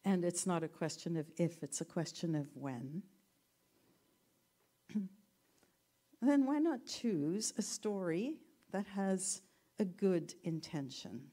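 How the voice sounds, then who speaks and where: A woman giving a gentle, reflective talk and telling a story, with self-deprecating humor. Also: lowish voice, sing-song, takes it slowly, pauses often.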